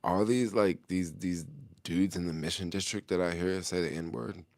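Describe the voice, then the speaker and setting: A man's voice: sits low, steady tone, normal speed, a little mellow, no echo. A middle-aged man talking casually to the camera in loose, slangy street talk, chuckling often as he answers a viewer's question.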